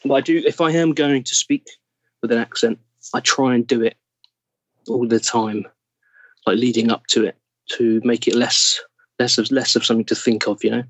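A man's voice: medium pitch, fairly even intonation, moderate pace, long pauses, a bit bright. An English man, an actor, chatting as a podcast guest in a thoughtful way, often searching for words and trailing off. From England. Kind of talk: casual interview chat.

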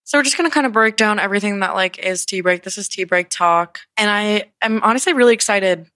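A woman's voice: mid-range voice, fairly quick, pushed and bright, no echo. A young woman hosting a casual podcast, rambling and distracted, swearing often, irritable and with a sore throat. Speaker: podcast host. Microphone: handheld microphone.

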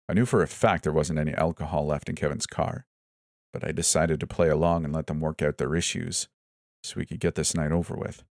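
A man narrating a first-person horror story with a steady, even reading. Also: sits low, dry recording, clean studio sound.

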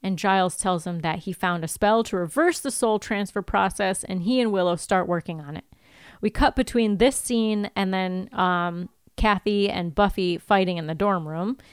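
A woman's voice: mid-range voice, moderate pace, clear, resonant tone, dry recording, clean studio sound. A woman co-hosting a podcast, recapping an episode in a chatty, giggly way. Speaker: podcast co-host.

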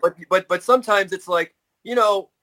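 A man's voice: high-pitched, moderate pace, bright, forceful tone, rough recording. A middle-aged man co-hosting a podcast in casual chat, rambling and restarting his sentences. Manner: rambling, full of restarts and fillers. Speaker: podcast co-host.

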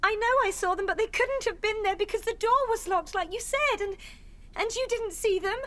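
Actress for a troubled, defensive teenage girl; very high voice. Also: normal speed, fairly bright tone. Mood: frightened. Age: late teens. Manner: tense, defensive. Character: troubled teenage girl about to start university. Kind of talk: radio drama acting.

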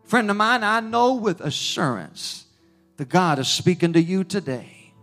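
High-voiced impassioned male preacher. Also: big pitch swings, unhurried, a bit bright, faint music behind. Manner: emotional, rising and falling intensity, speaks in tongues. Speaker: pastor. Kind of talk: sermon with altar call. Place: church sanctuary.

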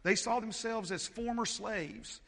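High-voiced man preaching in a reverberant hall. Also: a little slow, creaky, fairly bright tone. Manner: emphatic, repetitive, building lists, interjects "amen". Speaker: pastor. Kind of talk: sermon.

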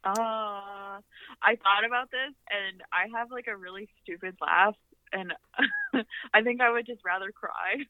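A woman's voice: medium pitch, moderate pace, dry recording, phone-quality sound. A woman guest on a podcast chatting casually, giggly and easygoing. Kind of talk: casual interview chat.

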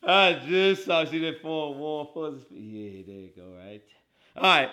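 Excitable male streamer, slangy football banter, bright tense tone, a bit high-pitched. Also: unhurried. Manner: excitable, laughs often, bursts into loud outbursts, talks to chat. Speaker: livestream host. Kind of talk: casual livestream chat reacting to football highlights.

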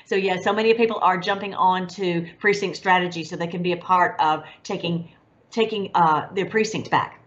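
A woman hosting an online show, talking in an excited, rambling way about religion and current events. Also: lowish voice, normal speed. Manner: excited, rambling, laughs between phrases. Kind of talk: casual religious commentary. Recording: dull lo-fi sound.

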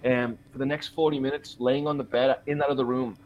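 Over a loud crowd and dull audio, a pastor in his forties tells his conversion story for a podcast interview, quoting prayers he prayed. He speaks a little fast at medium pitch with little pitch movement, earnest and emphatic throughout.

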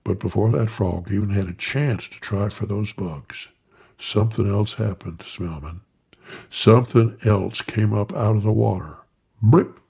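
A man telling a folksy tale in an unhurried way, talking straight to his listeners, with a gravelly, husky voice. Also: on the low side, mellow. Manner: unhurried, addressing listeners by name. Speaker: storyteller. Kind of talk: folksy spoken storytelling.

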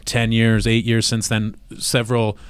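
A man telling stories as a comedian guest in casual podcast chat, laughing loudly and often. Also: fairly low pitch, normal speed, smooth, dry recording. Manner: loud laughs, animated storytelling.

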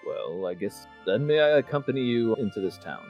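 A man's voice: mid-range voice, expressive, fairly quick, a little mellow, lo-fi sound, faint music behind, natural voice. A man voicing a curious, formal young male adventurer in a tabletop game, speaking in stiff, old-fashioned phrasing. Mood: earnest.

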